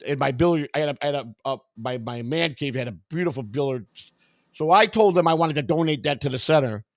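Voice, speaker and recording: A man's voice: medium pitch, lively intonation, brisk, no room sound, studio quality. An older man candidly telling his life story in conversation, blunt and profane, rambling with restarts and quoted dialogue. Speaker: guest.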